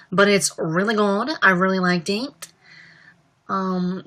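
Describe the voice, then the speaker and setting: A woman's voice: medium pitch, fairly even intonation, measured pace, pushed and bright. A young woman chatting casually on a livestream, reading out viewer comments and rambling with lots of fillers. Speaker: livestream host.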